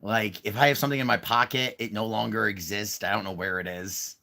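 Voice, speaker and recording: A man's voice: on the low side, fairly even intonation, brisk, creaky, pushed and bright. A man casually chatting on a comics livestream, rambling through stories and talking to his cat. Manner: rambling, talks baby-talk to his cat. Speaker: podcast co-host.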